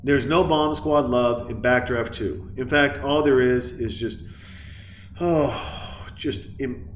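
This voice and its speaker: A man rambling through a comedic movie recap, profane and excitable, jumping from point to point. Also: mid-range voice, takes it slowly, reverberant, slight background noise. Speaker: movie reviewer.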